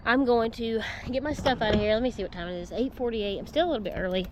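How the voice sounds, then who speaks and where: A young woman talks to her phone camera in a casual, excitable vlog style, filling her talk with "like" and "guys." Her voice sits a little high. The recording picks up clear background noise from outdoors and around her car. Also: fast. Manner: chatty and excitable, says "like" and "guys" often. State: out of breath. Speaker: vlogger. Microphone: phone on a small tripod.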